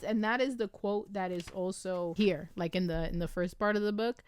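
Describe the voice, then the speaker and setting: A woman host excitedly talking through a book she loves, gushing with lots of fillers, in a casual review chat recorded at home on a desk microphone. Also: mid-range voice, normal speed, few pauses, smooth, dry recording. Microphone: desk microphone with camera.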